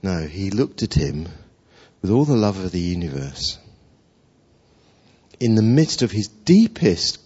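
A man preaching a lively storytelling sermon, chatty, acting out the voices of the people in his story. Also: lowish voice, slow pace, long pauses, husky. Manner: animated, acts out voices of figures, conversational. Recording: dull lo-fi recording.

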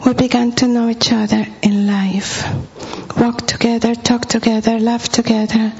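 Preaching through storytelling, a woman acts out what she once said with vivid flair. She speaks at a moderate pace in a level tone, her voice on the high side and a little mellow, captured on a dull lo-fi recording with a faint hum.

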